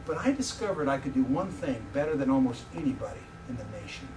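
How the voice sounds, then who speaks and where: A man in his fifties, a visiting preacher, telling personal stories in a sermon with animated, joking delivery to his audience. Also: mid-range voice, fast, recorded from a distance, noisy background. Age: 50s. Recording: echoey hall, voice from off-mic.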